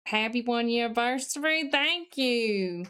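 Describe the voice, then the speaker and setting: Woman streamer, unhurried, reads chat aloud and answers, smooth clear voice. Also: a little high, lively intonation, fairly bright tone. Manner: thinks aloud while studying. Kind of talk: casual live-stream chat.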